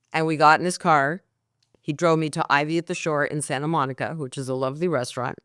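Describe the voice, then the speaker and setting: A middle-aged woman, a mortgage coach, telling a candid, lively story as a podcast guest. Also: low-pitched, no room sound, studio quality.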